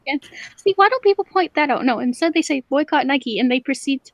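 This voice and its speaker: Sarcastic lady cohosting a podcast, high pitched, dry close sound. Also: fast talker, dry recording. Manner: sarcastic, animated, laughs often. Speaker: podcast co-host. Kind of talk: casual chat.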